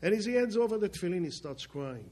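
A man telling a personal story in plainspoken speech, swinging between loud emphatic bursts and quiet low passages. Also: sing-song, fast. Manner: plainspoken, with restarts and loose grammar. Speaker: speaker telling his life story.

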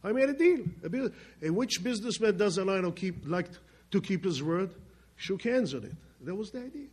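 Husky man telling a story with emphasis. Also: animated, normal speed. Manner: emphatic, swings between loud bursts and quiet low passages; plainspoken, with restarts and loose grammar. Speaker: speaker telling his life story. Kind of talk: personal storytelling talk.

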